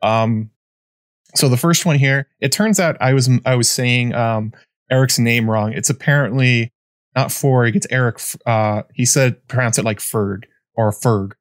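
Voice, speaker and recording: A man hosting a podcast, chatting casually in a rambling, halting way full of fillers and restarts. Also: mid-range voice, no echo, studio quality. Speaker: podcast host. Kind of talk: casual chat.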